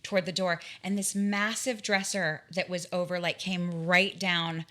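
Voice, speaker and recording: A woman in her forties, a guest in an interview, telling personal stories in an animated way, often restarting her sentences. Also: fairly low pitch, unhurried. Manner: animated, vivid storytelling with frequent restarts. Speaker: guest, tarot reader and spiritual guide. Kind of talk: conversational storytelling in an interview.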